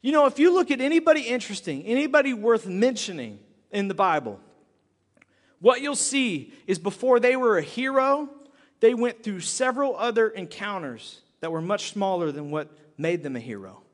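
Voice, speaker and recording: A man's voice: high voice, lively intonation, normal speed. A man preaching a sermon with lots of energy, acting out little voices and laughing often. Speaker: pastor. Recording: long hall reverb.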